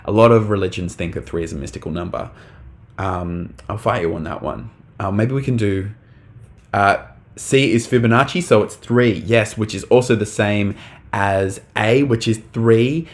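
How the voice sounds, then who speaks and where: Young male teacher, lowish pitch, relaxed live-stream delivery, frequent ums. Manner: casual, talks to chat, many fillers. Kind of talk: live online English lesson.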